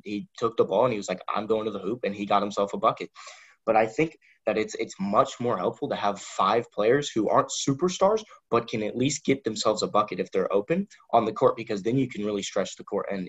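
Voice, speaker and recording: A man's voice: fairly low pitch, husky, lo-fi sound. A man co-hosting a podcast, talking basketball in a rambling casual chat with many restarts. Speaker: podcast co-host.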